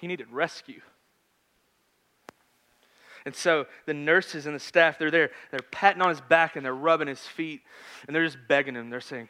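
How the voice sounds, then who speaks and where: Guy in his 30s preaching, bright forceful voice, chatty, gets loud then real quiet. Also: a little high, moderate pace. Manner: conversational, swings from loud to hushed. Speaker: pastor. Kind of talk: sermon with personal story.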